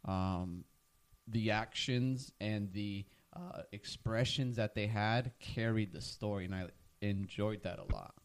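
A man co-hosting a casual movie podcast, speaking hesitantly and cracking deadpan jokes. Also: fairly low pitch, slow. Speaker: podcast co-host.

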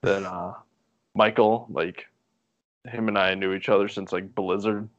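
Podcast guest, young man, deep voice, easygoing rambling storyteller, dry muffled recording. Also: measured pace, no room sound. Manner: relaxed, rambling, laughs often. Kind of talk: casual storytelling chat.

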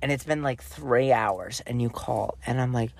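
A man with a gravelly, mid-range voice co-hosts a podcast, speaking at a normal speed. In casual chat he recounts a family story with animation, performing his family members' lines in quoted voices.

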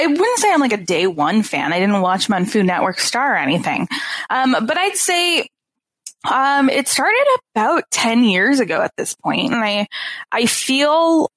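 A woman's voice: mid-range voice, fairly bright tone, no room sound. A woman in her twenties, a podcast guest, talking earnestly and nostalgically with frequent ums. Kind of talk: casual podcast chat.

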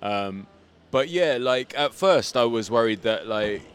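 A man guest, a comedian and rapper, chatting in a casual interview outdoors and telling his story in a relaxed way, with plenty of "like" fillers. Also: mid-range voice, unhurried, smooth. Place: outdoors on a street.

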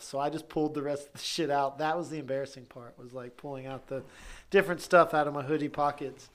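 A man's voice: on the high side, fairly even intonation, fairly quick. A young man casually telling an embarrassing story, laughing as he goes. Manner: chatty, laughs through stories.

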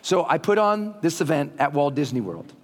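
A motivational speaker on stage in a large hall tells a story with energy to a live audience, at normal speed. He acts out the other people's lines, raising his voice higher for their quotes. Long hall reverb colors the recording.

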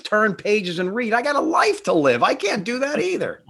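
A man's voice: high voice, huge pitch swings, normal speed, gravelly, fairly bright tone, slightly rough. A man with a Northeast Pennsylvania accent hosting a casual interview, chatty and joking with opinionated asides. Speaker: podcast host.

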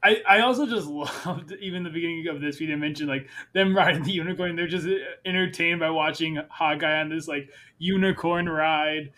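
Playful higher-voiced man on a podcast. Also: normal speed, few pauses. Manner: animated, playful, piles up questions. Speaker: podcast panelist. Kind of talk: casual podcast chat.

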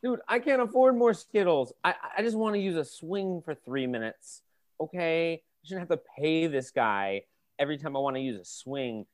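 An improv comedian playing flustered, panicky characters in a comedy scene, voice climbing into shouts. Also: medium pitch, lively intonation, normal speed.

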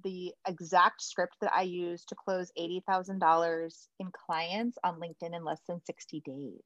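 A woman's voice: on the low side, level tone, normal speed, fairly bright tone, no room sound, muffled recording. A woman guest on an interview podcast, giving upbeat, punchy marketing advice. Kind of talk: casual interview chat.

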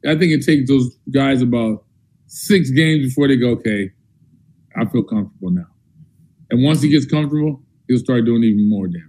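A man's voice: medium pitch, brisk, warm tone, a little hiss or hum, rough recording. A man joining a sports show as a guest, talking football in an easygoing, folksy way. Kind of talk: casual phone-in sports chat.

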